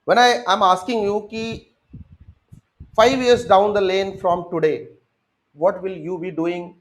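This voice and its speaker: Here the young man's voice sits high, his tone steady, and he takes things slowly. With an Indian English accent, he delivers exam-prep teaching, speaking to students directly and mimicking their responses.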